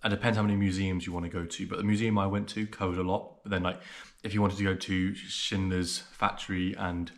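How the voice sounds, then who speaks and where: Strolling through a city outside, a young man vlogs his travels straight to camera, rambling in a loose, chatty, filler-filled way. His voice is low and flat, quick with few pauses, and the recording is dry.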